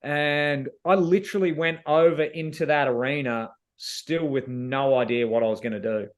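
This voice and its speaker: A man's voice: a little high, fairly even intonation, normal speed. An Australian man, a reality show contestant, openly retelling an emotional experience in a casual interview and acting out what people said to him. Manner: candid, emotional retelling that acts out quoted dialogue.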